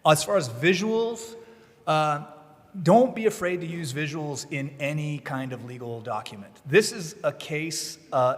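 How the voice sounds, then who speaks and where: A man presenting a legal writing session at a conference, explaining in a conversational, emphatic way. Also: mid-range voice. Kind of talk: conference talk. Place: conference room. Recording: long reverb of a conference hall.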